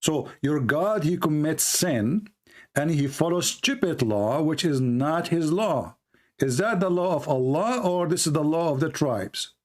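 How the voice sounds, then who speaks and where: A man with an Arabic accent presses his debate opponent with blunt, repeated questions. His voice sits a bit high, and it grows hoarse as he coughs and loses it. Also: expressive, unhurried. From Middle East. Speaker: debate host. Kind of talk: heated online debate.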